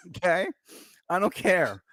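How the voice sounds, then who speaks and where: A man's voice: sits high, sing-song, slow, no room sound. Fired-up, foul-mouthed middle-aged man ranting. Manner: heated, profane, shouting rant. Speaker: podcast co-host, veteran. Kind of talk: casual podcast rant.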